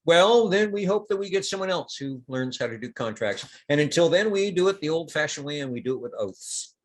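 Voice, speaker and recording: A man's voice: on the high side, expressive, brisk. A man narrating as game master of a tabletop game in a casual, rambling way.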